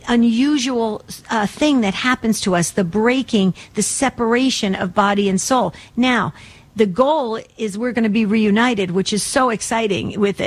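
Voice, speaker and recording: A woman hosting a faith talk show who rambles, with many restarts and fillers. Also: a little high. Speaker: radio show host.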